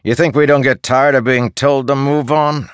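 A man voicing a loud, lecturing soldier. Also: medium pitch, steady tone, normal speed, clear, resonant tone, no room sound, clean studio sound, voice pushed up, close to an everyday voice. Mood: aggrieved. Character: hard, self-righteous male soldier, sunken-eyed.

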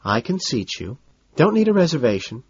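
A man voicing a weary old woman waitress who answers in flat, terse, stubborn repeats. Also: mid-range voice, moderate pace, slightly rough, muffled recording, pitched above the performer's own voice.

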